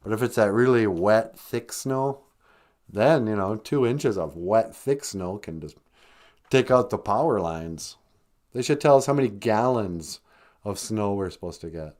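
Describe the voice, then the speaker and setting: A man's voice: on the low side, expressive, measured pace, a little mellow. A man hosting a casual live-stream podcast, joking and rambling as he teaches native words offhand. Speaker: podcast host.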